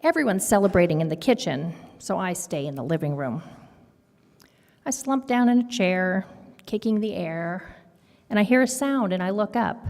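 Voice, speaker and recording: A woman reading a picture book aloud to children at a worship service in an expressive, storytelling manner. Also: medium pitch, normal speed. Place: congregation sanctuary. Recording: long hall reverb.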